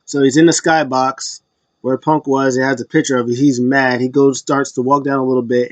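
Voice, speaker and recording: A man's voice: medium pitch, flat delivery, fairly quick, dry recording. A man giving a casual, rambling recap full of fillers and restarts. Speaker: wrestling recap vlogger. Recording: dull lo-fi dry sound.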